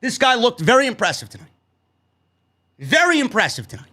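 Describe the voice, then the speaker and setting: A man with a New York accent reviewing a wrestling show in a loud, sarcastic, profane rant that breaks into shouts. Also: extremely high pitch, huge pitch swings, brisk. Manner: loud, sarcastic, swears a lot, shouts often.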